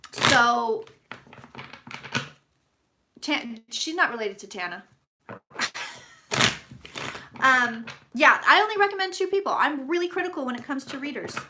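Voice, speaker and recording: A woman's voice: a little high, background noise. A woman hosting a casual live-stream tarot reading, chatty and profane, greeting viewers by name as she talks. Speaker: psychic tarot reader.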